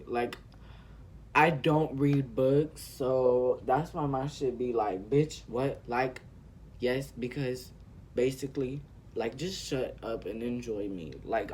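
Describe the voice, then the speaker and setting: A man's voice: mid-range voice, darkish tone, a little hiss or hum. A teenage man from California, telling a rambling story full of profanity while doing his makeup on camera. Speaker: vlogger.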